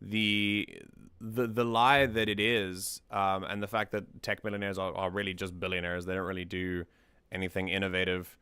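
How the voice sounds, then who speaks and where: A man's voice: deep voice, level tone, normal speed, bright, forceful tone, clear, resonant tone, no room sound. A man hosting a music analysis stream, talking things through in a thoughtful, casual way and often repeating words as he thinks.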